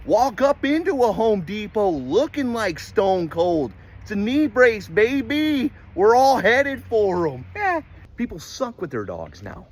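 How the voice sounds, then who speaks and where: A young man from the United States delivering a comedic rant monologue, exasperated and animated, slipping into quick put-on voices for the people he mocks. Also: high-pitched.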